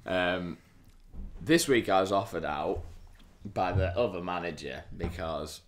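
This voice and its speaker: A man's voice: deep voice, measured pace, slight background noise. A young man co-hosting a comedy chat show, making dry asides and telling casual stories. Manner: wry, chipping in, dry asides. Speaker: comedy podcast co-host. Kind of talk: casual banter.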